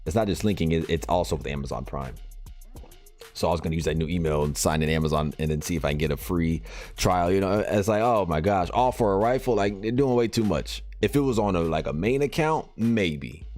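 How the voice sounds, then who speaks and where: A man's voice: sits low, fairly quick, darkish tone, faint music behind. A man hosting a live game stream, chatting casually and reacting to viewer comments as he reads them aloud.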